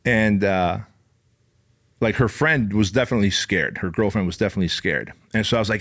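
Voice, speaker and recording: A man's voice: lowish voice, fairly quick, fairly bright tone. A man telling a personal story in a casual, rambling way, full of profanity and fillers.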